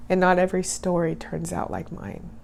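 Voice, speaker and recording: A woman's voice: on the low side, little pitch movement, normal speed, creaky, a little mellow, slight background noise. A woman in her thirties telling her own life story in a vlog, retelling it with emotion and acting out the dialogue. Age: 30s. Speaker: vlogger. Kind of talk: personal storytelling.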